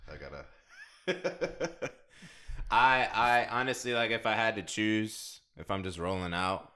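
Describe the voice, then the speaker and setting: Young male co-host, very low voice, unhurried delivery, easygoing banter. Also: expressive, sharp tone, clear, resonant tone. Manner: laid-back, joking, laughs often. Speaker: podcast co-host. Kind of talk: casual chat.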